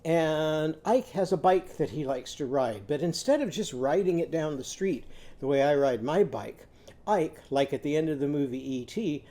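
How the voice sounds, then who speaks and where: A man's voice: on the high side, animated, moderate pace, mellow. A man teaching a children's literacy lesson, patiently guiding young listeners through sounds and letters.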